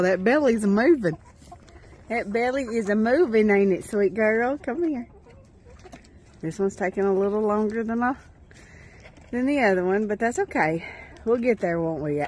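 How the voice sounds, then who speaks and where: A woman with a fairly high, darkish voice speaks at normal speed with long pauses as she films her farm animals outdoors on her phone. She coos baby talk to them and chats with viewers, while chickens cluck and roosters crow over faint outdoor background noise.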